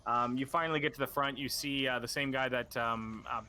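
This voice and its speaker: A man's voice: mid-range voice, fairly even intonation, a little fast, sharp tone, slight background noise. A man narrating a tabletop game as game master, rambling with many fillers and restarts.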